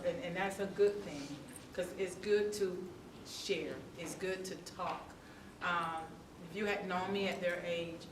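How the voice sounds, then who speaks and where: An older grandmother, sharing earnestly and reflectively at a community forum, repeating her key phrases. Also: fairly low pitch. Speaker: grandmother attending event. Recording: echoey room, distant mic, background noise.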